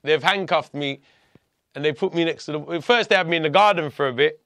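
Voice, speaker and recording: Gravelly, bright-voiced man telling a story. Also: fairly high pitch, fairly quick, dry recording. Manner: animated, blunt storytelling with frequent restarts. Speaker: podcast guest. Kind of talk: telling a personal story in conversation.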